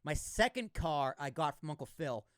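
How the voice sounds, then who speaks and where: A young man from Massachusetts hosting a podcast in a studio, telling a story in an animated, self-mocking way. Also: on the high side, normal speed, dry recording. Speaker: podcast host. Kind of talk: casual chat. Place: recording studio.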